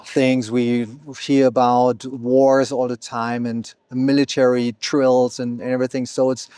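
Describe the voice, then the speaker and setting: A man's voice: medium pitch, little pitch movement, unhurried, dark tone, clean tone, no echo, clean studio sound. A man being interviewed as a company founder, talking fluently but with many fillers and restarts. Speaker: exchange founder, guest. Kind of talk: conversational interview. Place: event venue.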